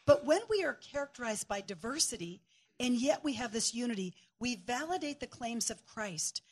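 A high-voiced woman preaches in a church, swinging between scripture and a funny family story. She laughs easily and tells it with lively energy. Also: moderate pace. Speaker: guest preacher. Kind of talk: shared sermon with storytelling.

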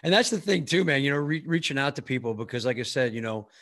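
A male podcast host talking in a relaxed, encouraging way, full of casual fillers as he draws out his guest. His voice sits at an ordinary middle pitch. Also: quick pace. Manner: warm, encouraging, lots of "man" and "you know".

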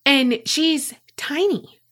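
A woman co-hosting a podcast, telling a story in casual chat, animated and swearing freely. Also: sits high, drawn-out words. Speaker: podcast co-host.

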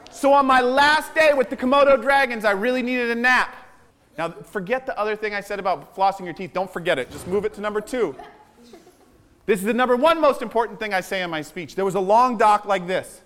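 A man speaking as a visiting children's author at a school assembly, telling an adventure story in a playful, animated way to the children. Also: high voice.

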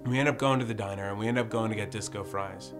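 A man hosting a podcast, telling a spooky story in an animated way and acting out his friends' lines. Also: on the low side, rapid-fire, over music. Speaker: podcast host. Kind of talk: storytelling, recounting a spooky experience.

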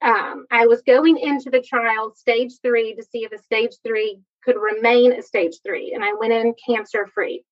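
A woman shares a personal story in a candid, chatty way, full of quick asides. Her voice sits a little high. The recording is dull and lo-fi. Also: fairly even intonation. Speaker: guest sharing personal story.

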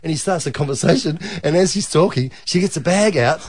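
A man's voice: on the high side, lively intonation, brisk, darkish tone, no echo. An Australian man, a guest on a talk show, telling a laughing anecdote in casual chat.

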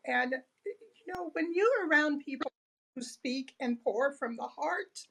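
A woman speaking in an online audio room, choked up and near tears, giving a halting, heartfelt testimonial. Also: high voice, creaky, fairly bright tone, poor audio. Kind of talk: emotional testimonial.

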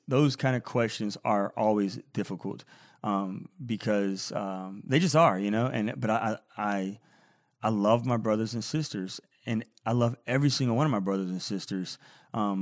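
A man's voice: fairly low pitch, dry recording, clean studio sound. A man who is a Catholic priest, hosting a podcast in a casual, rambling way, reading out listener feedback with lots of fillers and repeated words.

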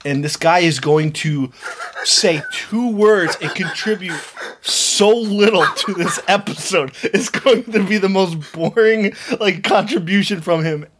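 A man co-hosting a horror podcast in casual chat, animated, laughing often and swearing as he tells stories. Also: sits high, measured pace, a little hiss or hum. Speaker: podcast co-host.

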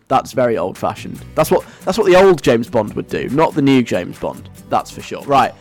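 Casting a joking, chatty man as a radio host, mid-pitched, faint music underneath. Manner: playful, rambling, chuckling. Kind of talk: casual radio chat.

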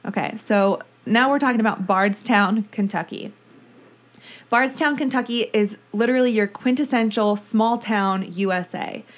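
A woman co-hosting a true-crime podcast in a relaxed, chatty storytelling voice. Her pitch sits in the middle range, and she narrates the case casually with a conversational, friendly flow. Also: normal speed. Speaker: podcast co-host.

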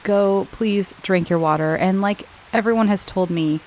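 A woman hosting a podcast, chatting to listeners in a rambling way and laughing often, her voice slightly hoarse from a cold. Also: mid-range voice, measured pace, a little mellow, slight background noise, poor audio. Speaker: podcast host. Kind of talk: casual chat to listeners.

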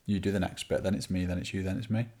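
A man's voice: low-pitched, steady tone, very fast, dark tone. A man with a Wigan accent, co-hosting a podcast in casual, joking banter. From Wigan, England. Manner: joking, bantering, self-mocking. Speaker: podcast co-host. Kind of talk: casual chat.

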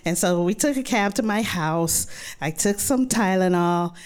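A woman telling a true personal story to an audience in a lively, conversational way, acting out her own thoughts as she goes. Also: lowish voice, a little slow, clear, resonant tone.

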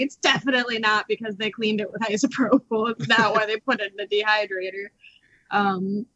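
A young woman co-hosting a casual podcast, telling a story with lots of laughs and acted-out quotes. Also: fairly high pitch. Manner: animated storytelling, acts out quotes, laughs often. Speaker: podcast co-host. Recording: dull lo-fi podcast audio.

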